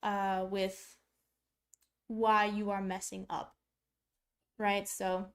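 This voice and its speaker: Her voice sits mid-range and level, words drawn out with frequent pauses, as she streams casual reactions through her setup. Chatty and blunt, she leans on fillers and coughs, choking on popcorn.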